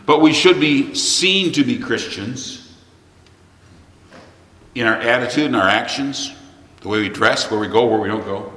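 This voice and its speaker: A man's voice: medium pitch, a bit bright. A man from the United States with an American accent, preaching a sermon conversationally and asking the congregation questions. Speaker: pastor. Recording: echoey long reverb of a church hall.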